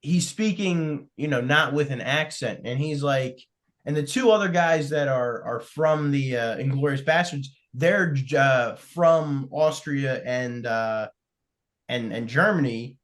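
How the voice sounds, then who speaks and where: A man's voice: medium pitch, unhurried. A man hosting a podcast, chatting casually about a film, rambling with many fillers and restarts. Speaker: podcast host.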